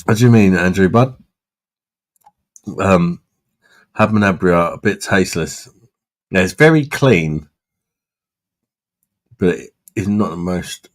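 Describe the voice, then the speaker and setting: A man's voice: low voice, lively intonation, slow, long pauses. A man hosting a casual live stream, chatting with viewers in a blunt, sweary way and laughing often. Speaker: livestream host reading chat.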